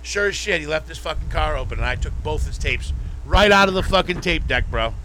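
A man telling loose, profane stories in casual banter, animated and quick to curse. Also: fairly high pitch, slight background noise, low-quality recording.

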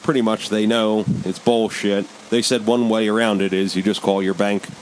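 A man's voice: lowish voice, level tone, normal speed, darkish tone, a little hiss or hum, poor audio. A man co-hosting a podcast, telling a story in an agitated, emphatic way and swearing constantly into a studio mic. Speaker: podcast co-host. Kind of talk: casual profane storytelling. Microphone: studio microphone.

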